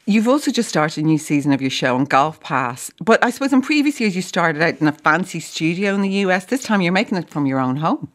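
Low-voiced Irish woman radio host. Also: expressive, a little fast, hardly any pauses. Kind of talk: radio interview.

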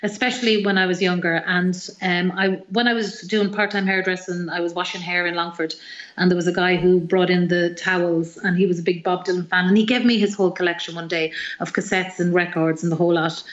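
A middle-aged woman with an Irish accent, a singer-songwriter telling animated, rambling stories as a guest in an interview. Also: on the low side, a little fast, roomy sound, dull audio. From Ireland. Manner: rambling, animated anecdotes with many fillers. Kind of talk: radio interview storytelling.

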